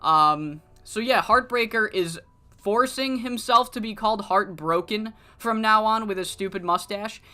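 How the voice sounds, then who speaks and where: A woman's voice: mid-range voice, a little slow, bright, forceful tone, soft background music. Casual woman narrating a wrestling game. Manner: casual, swearing, chatty. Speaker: streamer.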